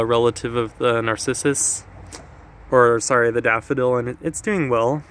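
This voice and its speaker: A man's voice: medium pitch, fairly bright tone. A young man walking through his backyard garden, chatting casually, a bit out of breath and correcting himself as he goes. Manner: chatty, self-correcting, quick little laughs. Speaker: gardener vlogger. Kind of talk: casual garden tour walkthrough. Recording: faint outdoor noise, passing planes.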